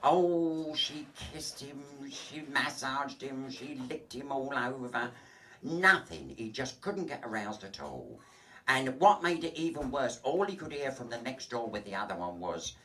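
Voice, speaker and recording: A comedian spins bawdy stories in a gossipy, chatty way, acting out the voices and laughing along with his own jokes. His voice is bright and swings widely in pitch. He is recorded live on a stage mic in a small pub, with faint noise behind him. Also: very animated, measured pace, distant mic. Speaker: drag comedian. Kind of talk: bawdy stand-up storytelling.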